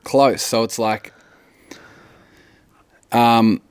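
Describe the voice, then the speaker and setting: A man's voice: mid-range voice, steady tone, extremely slow, smooth, no echo. A man co-hosting a podcast in casual chat, playful and laughing often. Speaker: podcast co-host.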